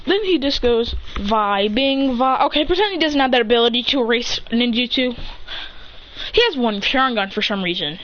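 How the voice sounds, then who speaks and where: A woman spins an improvised fan story in a rambling, excitable rush, often restarting and adding mouth sound effects. Her voice sits fairly high. The recording is dull and lo-fi, with a faint hiss. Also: fairly quick.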